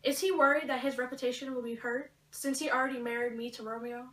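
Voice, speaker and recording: A teenage girl playing a frightened young woman in a school play, anxious and halting. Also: high-pitched, fairly even intonation, a bit bright. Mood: fearful. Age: teens. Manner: anxious, halting, talking to herself. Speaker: student actor. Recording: echoey room, from far off.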